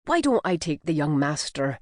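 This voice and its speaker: A brisk, no-nonsense Scottish nanny in her forties, as a woman narrator puts her on. Her Scottish lilt is firm and practical, pitched a little low. The audiobook sound is dry and close. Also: very animated, no room sound. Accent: Scottish, put on. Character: tough Scottish nanny, woman of forty-two.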